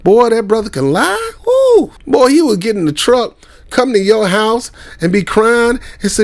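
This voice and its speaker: A man's voice: extremely high pitch, very animated, a little slow. A man hosting his own commentary channel, ranting in a heated, slangy way, mocking his target and breaking into laughing anecdotes.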